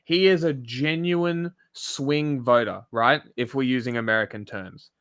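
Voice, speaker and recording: A man's voice: medium pitch, measured pace, a bit bright, clean tone, no room sound, studio quality. An Australian man streaming, ranting bluntly and swearing a lot as he reacts to a video. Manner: blunt, heavy swearing, exasperated. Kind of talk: casual profane rant.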